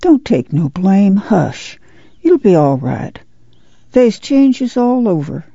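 A woman reading an audiobook, voicing a worn, steady farm mother who answers quietly and calmly, in a dull lo-fi radio recording. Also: mid-range voice, slow, gravelly, slightly rough, no room sound, heavily acted. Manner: quiet, calm, hushing.

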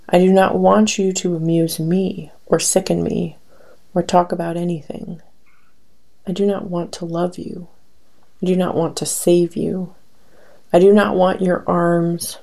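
A woman reading her poems aloud in a slow, measured recitation with pauses between lines. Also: fairly low pitch, gravelly, warm tone, poor audio. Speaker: poetry reader.

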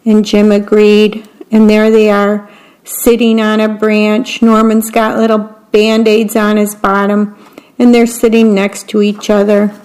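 A woman reading a picture book aloud, describing each picture in a gentle, deliberate way. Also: medium pitch, monotone, low-quality recording. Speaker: storybook reader.

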